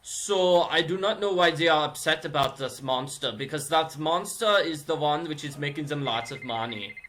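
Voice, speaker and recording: A man's voice: a little high, moderate pace, fairly bright tone, slight background noise. A man chatting playfully and rambling as he plays and comments on a mystery game. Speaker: gaming video host. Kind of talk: casual let's-play commentary.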